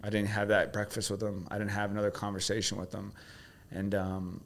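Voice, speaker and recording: A man's voice: lowish voice, completely flat delivery, a little fast, creaky. A man coaching his host through questions, then telling a personal story with emotion. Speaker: guest coach.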